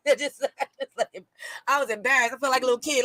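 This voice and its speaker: Woman, casual gossip, lively storyteller, dry close sound. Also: high voice, fast, no echo, rough recording. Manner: animated storyteller, laughs often, acts out quotes. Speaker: co-host recapping an event.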